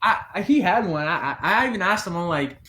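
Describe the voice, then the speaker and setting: High-voiced young man telling a story. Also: fairly quick, echoey room. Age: 20s. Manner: animated storyteller acting out quoted people. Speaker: podcast co-host. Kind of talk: casual storytelling chat.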